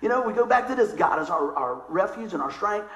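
A male pastor delivers a sermon from a church sanctuary, speaking in a high voice that swings widely up and down. He keeps it conversational and calls out questions to the congregation. The room rings with noticeable echo. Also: very animated, a little fast, dull audio.

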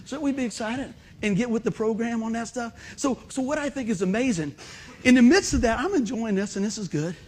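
A man preaches to his congregation in a church. His voice sits fairly high, and his delivery is animated and story-driven, with sudden shouted bursts. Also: brisk, breathy edge. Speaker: pastor. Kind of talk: sermon. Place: church sanctuary.

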